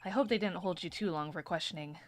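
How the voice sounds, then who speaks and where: A woman voicing a calm, composed older sister who speaks in a measured, formal way. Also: lowish voice, a little hiss or hum, lightly acted.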